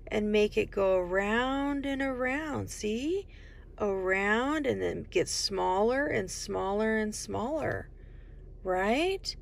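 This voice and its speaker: A woman leads a storytime for little ones, her voice sitting a touch high and swooping up and down. She talks very slowly and gently, and a gravelly edge of fry creeps into her voice. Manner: slow, sing-song, asks the child many questions. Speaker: children's storytime host. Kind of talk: reading a picture book aloud to young children.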